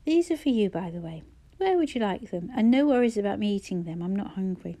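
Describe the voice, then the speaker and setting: A calm, gentle schoolteacher man who teases kindly, spoken softly as a woman narrator reads him. The tone stays mellow and warm, with a quiet, low-key delivery from an audiobook reading. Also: brisk, natural voice. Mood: gentle, teasing.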